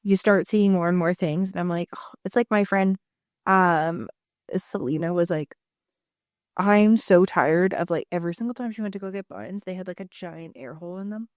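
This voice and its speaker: Here a thirty-something woman co-hosting a podcast tells stories chattily, with plenty of fillers, in a casual conversation. She talks at a moderate pace with a lowish, somewhat mellow voice. There's no echo, and the quality is studio grade.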